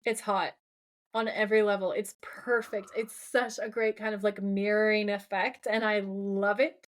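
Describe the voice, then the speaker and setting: A woman's voice: mid-range voice, flat delivery, moderate pace. A young adult woman co-hosting a podcast, effusively retelling TV scenes by quoting the dialogue. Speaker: podcast co-host. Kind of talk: casual recap chat.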